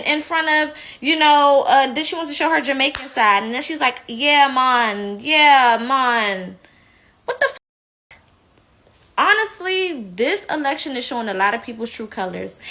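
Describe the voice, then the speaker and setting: A woman's voice: on the high side, pushed and bright. A woman giving heated, blunt opinion commentary, indignant and outspoken. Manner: slips into mocking impressions.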